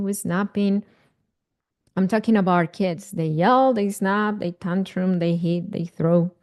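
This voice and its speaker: Slow-talking woman. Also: mid-range voice, mellow. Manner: repetitive, emphatic, asks audience questions. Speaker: parenting educator. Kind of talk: live online class.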